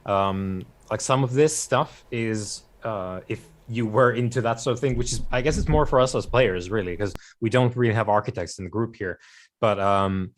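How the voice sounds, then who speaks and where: A man with a lowish voice runs a tabletop role-playing session as game master, narrating in a halting style full of fillers and restarts.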